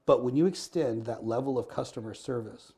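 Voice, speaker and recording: An American man, quick and earnest, tells a story in an interview, playing out the back-and-forth of everyone in it. His voice is dark and mellow, and his pace barely lets up. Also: medium pitch. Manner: earnest, fast storyteller acting out dialogue. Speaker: podcast guest.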